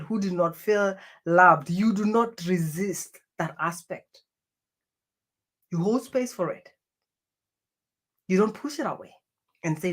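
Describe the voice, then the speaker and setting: Earnest woman giving spiritual self-help talk. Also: medium pitch. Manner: earnest, with many restarts and repeated phrases.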